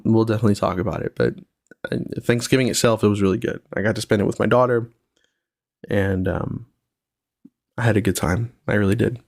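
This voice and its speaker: A man's voice: fairly low pitch, gravelly, no echo, clean studio sound. A young man hosting a podcast, talking in a reflective, rambling way with lots of fillers. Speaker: podcast host. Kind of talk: casual solo podcast chat.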